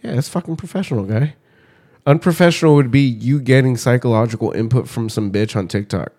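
A man's voice: medium pitch, brisk, dark tone. A young man co-hosting a casual chat, talking in a rambling, profane way with lots of fillers.

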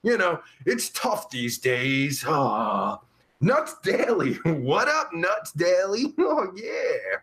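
A man's voice: fairly high pitch, huge pitch swings, drawn-out words, fairly bright tone, full character voice. A man playing a crude, vulgar livestream host who rambles profanely while reading out chat. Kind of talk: live chat comedy stream.

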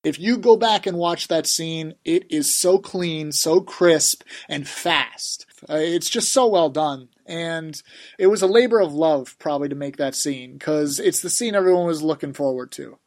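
A man's voice: on the high side, unhurried. A man co-hosting a casual podcast, talking about movies in an enthusiastic, opinionated and joking way. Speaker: podcast co-host.

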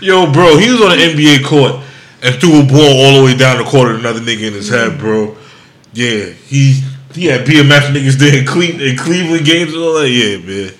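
Speaking briskly in a reverberant space, this man hosts a podcast and spins rowdy tales in a casual chat. His mid-range voice gets loud and animated as he plays out quotes and frequently breaks into laughter.

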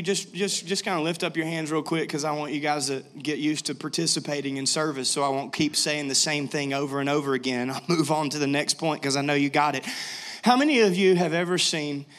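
A young man preaching a sermon in a jokey, lively storytelling way. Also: a little high, fast. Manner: jokey, animated, laughs often. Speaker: pastor.

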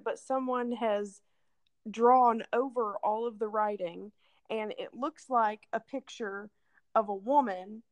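A woman's voice: a little high, no echo. Wry woman co-host, dry close sound. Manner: reads old quotes aloud, wry and amused. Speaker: podcast co-host. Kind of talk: casual chat.

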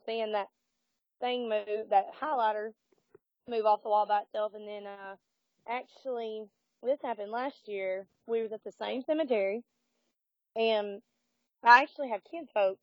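A woman with a drawl recounts a spooky night at a cemetery in a casual, animated way, laughing and putting on voices for what others said. Her voice sits a touch high, recorded dry and close, with a dull, muffled sound. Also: no echo. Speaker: guest telling a ghost story. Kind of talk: casual storytelling.

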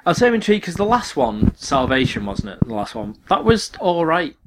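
A man's voice: on the high side, very animated, brisk, noisy background. A man co-hosting a casual podcast chat, making blunt, sarcastic remarks. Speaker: podcast co-host.

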